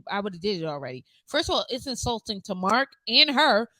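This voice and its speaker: A woman's voice: mid-range voice, sing-song, a little fast, sharp tone, dry recording, low-quality recording. A young woman co-hosting a casual podcast chat, blunt and emphatic, swearing freely as she argues her point. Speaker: co-host. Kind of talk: casual podcast chat reviewing a reality show.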